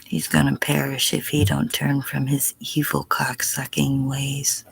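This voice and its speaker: A woman's voice: a bass voice, flat delivery, a little slow, slight background noise. A middle-aged woman on a casual livestream answering chat, blunt and profane, sometimes dropping to a whisper. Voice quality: gravelly, husky.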